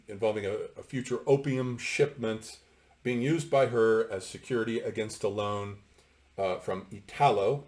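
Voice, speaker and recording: A man with a fairly low voice talks through a book at length, in an unscripted lecture. He wanders and digresses, with plenty of uhs and ums, and states his opinions bluntly. He sounds middle-aged. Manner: discursive, opinionated, many fillers. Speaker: literature lecturer.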